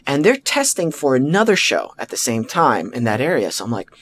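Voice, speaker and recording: A male podcast host telling a story in a casual, animated way, acting out his own thoughts and filling gaps with "like" and "you know". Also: medium pitch, brisk, a little hiss or hum. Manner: frequent "like" and "you know" fillers.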